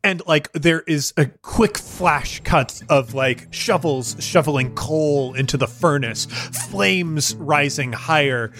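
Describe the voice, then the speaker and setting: A man's voice: on the high side, takes it slowly, few pauses, a bit bright, soft background music. A man narrating a tabletop game as game master, describing scenes in a cinematic way with frequent fillers.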